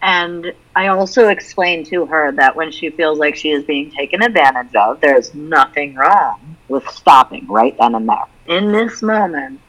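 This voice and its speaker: A middle-aged woman chats on a podcast and tells a story with a lot of life, slipping into the voices of the people she quotes. Her tone is bright and forward. The sound has a faint radio quality to it. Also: low voice, a little slow, few pauses, highs cut off. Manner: animated storyteller who acts out quoted voices. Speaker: podcast co-host. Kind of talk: casual storytelling chat.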